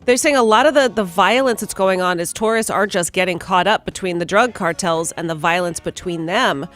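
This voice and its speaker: A woman co-hosting a morning radio show, reading news items briskly and joking with the hosts. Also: lowish voice, a bit bright. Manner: brisk, reads headlines then jokes.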